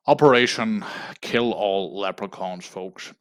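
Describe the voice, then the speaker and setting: An Irish man making a deadpan mock fundraising appeal on a livestream, pleading and tagging "folks" onto nearly every phrase. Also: fairly low pitch, measured pace. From Ireland. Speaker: comedic livestreamer.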